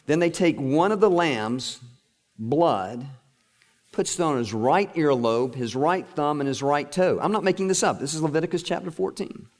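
A middle-aged male preacher telling a Bible story in an animated, lively way during a sermon. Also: a little high, normal speed. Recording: echoey hall.

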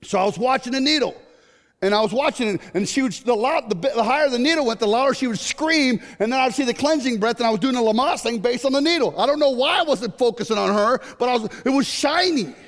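A middle-aged man preaching a sermon, animated and jokey, breaking into sudden shouts. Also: very high voice, quick pace. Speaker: pastor. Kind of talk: sermon with comic stories. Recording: long hall reverb.

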